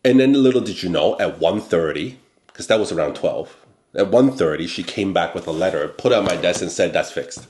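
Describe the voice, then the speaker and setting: A man hosting a talk show, telling a personal work story in a blunt, animated way, often tagging "okay?" onto his points. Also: low voice, fairly quick, roomy sound. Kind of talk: casual storytelling monologue.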